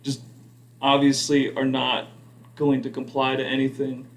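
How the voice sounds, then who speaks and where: A man's voice: mid-range voice, completely flat delivery, unhurried. Blunt man co-hosting a podcast. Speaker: podcast co-host. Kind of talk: casual chat.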